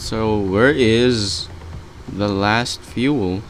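A man's voice: mid-range voice, takes it slowly, music in the background. Panicky young man narrating his gameplay. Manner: panicky, exclaiming, laughing often. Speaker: gaming channel host. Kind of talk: live gameplay commentary.

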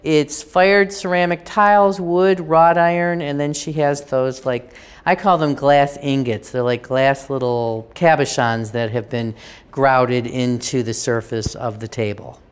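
A woman's voice: extremely low pitch, fairly even intonation, unhurried, clear, resonant tone. A woman guiding viewers through an art exhibition, chatty and enthusiastic, with frequent ums and restarts. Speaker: gallery curator giving a tour. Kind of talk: unscripted gallery tour walkthrough.

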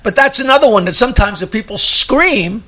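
A man's voice: high voice, lively intonation, a little fast, pushed and bright. A male comedian chatting casually as a guest and telling jokes in a rambling style, chuckling as he goes. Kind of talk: casual chat and joke telling.

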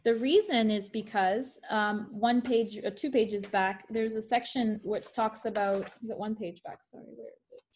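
A woman's voice: a little high, fairly even intonation, unhurried, hardly any pauses, darkish tone. A woman teaching French pronunciation on a video call, taking her time over each word. She reads the French examples out with care and drops in light, joking asides between them. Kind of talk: online class teaching pronunciation.

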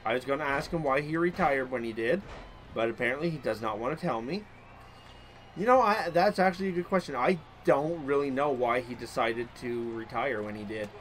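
A young man hosting a gaming channel, giving excitable let's-play commentary with loud outbursts and mild swearing. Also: medium pitch, fairly quick, slight background noise.

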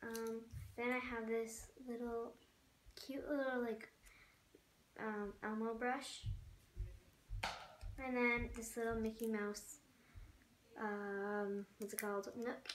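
A young woman vlogger chatting casually as she unboxes, gushing and excitable with lots of fillers. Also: on the high side, takes it slowly, pauses often. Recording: echoey room with background noise.

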